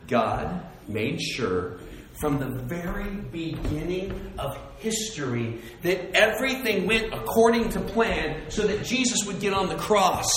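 High-voiced preacher in an echoey hall. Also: male voice, a little hiss or hum. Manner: animated storytelling, swings between loud and hushed. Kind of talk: sermon. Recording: echoey hall, distant mic.

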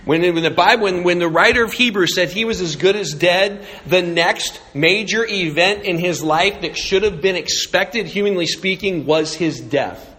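A man preaching a sermon to his congregation, animated and joking, with asides to the listeners. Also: high-pitched, moderate pace, hardly any pauses, in a large hall. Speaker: pastor.

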